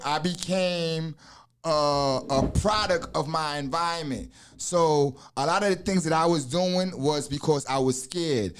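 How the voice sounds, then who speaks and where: A casual, swearing podcast host in his 40s. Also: a little high. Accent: American. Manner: loose and profane, with many asides and restarts.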